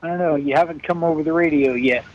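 An easygoing male caller on a local radio show. His voice sits high, and he talks plainly and without hurry. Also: fast talker, dull audio. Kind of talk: casual call-in chat.

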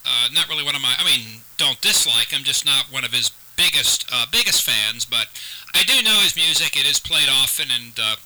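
Radio host guy, very bright sharp voice, earnest, keeps restarting, close mic. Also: medium pitch, animated, a little fast, poor audio. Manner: earnest, repeats himself, lots of restarts. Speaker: radio call-in show host. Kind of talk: live call-in radio chat. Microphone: close studio microphone.

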